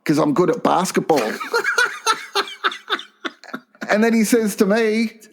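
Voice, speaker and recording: A man's voice: high voice, expressive, slow pace, creaky, a little hiss or hum. A man co-hosting a comedy podcast, telling crude anecdotes with laughter. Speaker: podcast co-host. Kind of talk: comedic storytelling.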